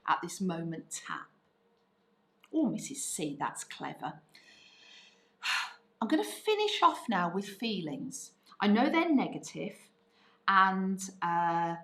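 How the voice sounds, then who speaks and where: A woman's voice: on the low side, roomy sound. A middle-aged woman teaching a writing lesson, thinking aloud as she writes and acting out quoted phrases. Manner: lively, voices quoted parents' phrases.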